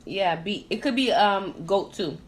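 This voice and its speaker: A woman's voice: medium pitch, a little slow, a little hiss or hum. A woman who grew up in Trinidad, hosting a casual podcast while eating and chatting, laughing easily and talking with her mouth full. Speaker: podcast host.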